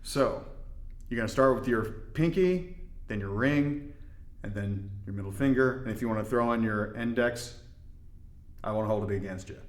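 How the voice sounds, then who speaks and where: A man from Indiana explaining hand-drum technique in a relaxed, step-by-step way with folksy asides. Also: on the low side, normal speed, pauses often, roomy sound, a little hiss or hum. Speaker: darbuka teacher. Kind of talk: instructional demonstration.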